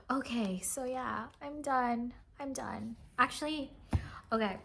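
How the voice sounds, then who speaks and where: Slow, gravelly-voiced excited woman vlogger. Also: sits high, a little hiss or hum. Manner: gushing, excitable, many fillers and sighs. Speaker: cross-stitch vlogger. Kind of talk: casual show-and-tell chat.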